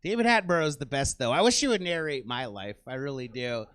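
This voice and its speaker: A man's voice: mid-range voice, lively intonation, quick pace, a bit bright. A man doing stand-up comedy in a small theater, ranting in an exasperated, self-deprecating way to a live audience.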